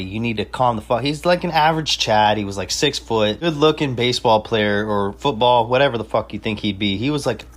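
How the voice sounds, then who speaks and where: A young man telling a party story in casual chat, swearing freely and bragging, with street slang. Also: lowish voice. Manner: profane, boastful, street slang. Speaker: podcast host telling a story.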